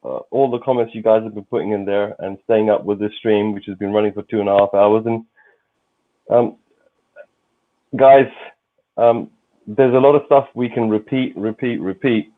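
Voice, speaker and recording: A man's voice: on the low side, steady tone, moderate pace, long pauses. A man, a guest on a football fan livestream, speaking courteously and repeating words as he goes. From London. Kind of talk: casual livestream chat. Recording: tinny phone-like call audio.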